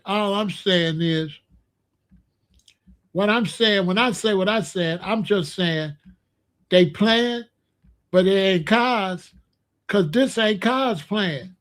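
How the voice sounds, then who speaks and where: High-pitched man ranting on camera. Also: takes it slowly, long pauses. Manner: animated, with emphatic repetition and loud outbursts. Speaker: commentary vlogger. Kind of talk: casual ranting commentary.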